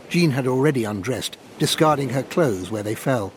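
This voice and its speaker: A man reading a story aloud as an audiobook narrator, with expressive storytelling delivery. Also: normal speed, slight background noise. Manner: expressive reading, voices characters in high put-on tones.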